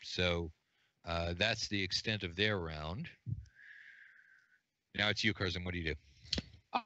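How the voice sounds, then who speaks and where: A man running an unscripted tabletop game as game master, narrating in a plain, halting way with lots of fillers. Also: deep voice, pushed and bright, no room sound, muffled recording.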